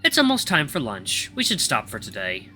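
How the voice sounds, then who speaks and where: A man voicing a young male wolf grandmaster who lectures in a calm, monotone way. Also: medium pitch, moderate pace, faint music behind, heavily acted. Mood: cool.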